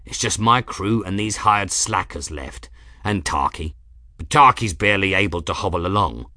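A man voicing a gruff, foul-mouthed middle-aged ship engineer in an audiobook, snarling and growling. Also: deep voice, animated, moderate pace, pushed and bright, no room sound, clean studio sound, heavily acted. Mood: grumbling.

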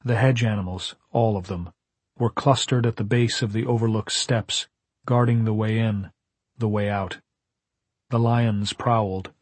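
A male audiobook narrator with a husky, slightly breathy voice reads in a measured, dramatic way. The recording is close and dry, with no room sound. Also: mid-range voice, a little mellow, no room sound. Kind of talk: scripted narration.

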